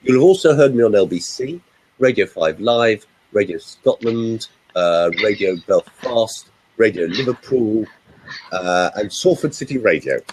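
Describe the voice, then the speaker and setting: An older man, a voice coach, chatting in a casual webinar and telling animated stories. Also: fairly low pitch, unhurried, background noise.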